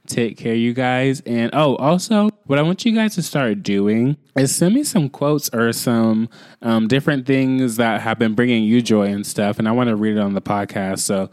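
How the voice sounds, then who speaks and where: A young man hosting a podcast, telling a rambling casual story full of fillers, in quick bursts. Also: medium pitch, a little mellow, smooth, no room sound, clean studio sound. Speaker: podcast host.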